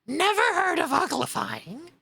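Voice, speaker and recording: A woman voicing a gruff, impatient male Griffin who speaks in brusque exclamations. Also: fairly high pitch, sing-song, normal speed, fairly bright tone, pitched above the performer's own voice, heavily acted.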